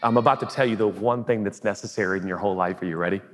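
A man voicing a calm, patient Jesus in a plain, direct way, close to his own voice. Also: fairly low pitch, rapid-fire, slight background noise, close to an everyday voice. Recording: long echoey hall reverb.

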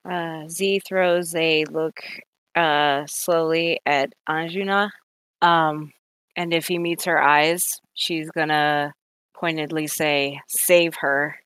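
Give me a woman in a tabletop game who slowly describes her character's moves with small hesitations. Her voice is low, smooth and unhurried. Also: steady tone, a bit bright. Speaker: player. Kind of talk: casual tabletop play.

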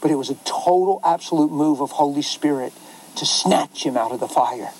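Animated pastor, man with a higher voice. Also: normal speed, breathy edge, rough recording. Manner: animated, laughs often, acts out quoted voices. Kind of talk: storytelling talk.

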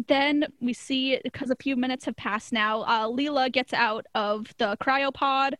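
A woman's voice: on the high side, normal speed, fairly bright tone, no room sound. A woman casually recapping a cartoon episode, chatty and often laughing mid-sentence. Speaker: podcast co-host.

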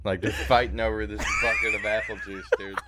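A man playing a tabletop game, joking and animated. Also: on the low side, a little fast, shouting, heavy background noise. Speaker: player. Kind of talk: casual tabletop game chat.

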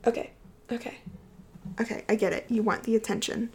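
A woman's voice: fairly high pitch, steady tone, fairly quick, noisy background. A woman of about twenty hosting her own podcast, chatting casually, rambling and giggling often. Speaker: podcast host. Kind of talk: casual chat.

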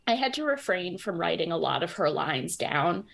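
A woman's voice: lowish voice, very animated, moderate pace, vocal fry, fairly bright tone. A woman co-hosting a podcast, casually retelling scenes and quoting lines with a laugh. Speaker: podcast co-host. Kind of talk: casual recap chat.

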